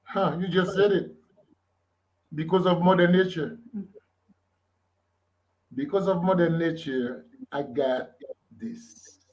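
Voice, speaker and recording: A man's voice: a little high, takes it slowly, long pauses, a little mellow, dull audio. A man from Haiti with a Haitian accent, answering interview questions in a blunt, confident, emphatic way. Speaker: guest author.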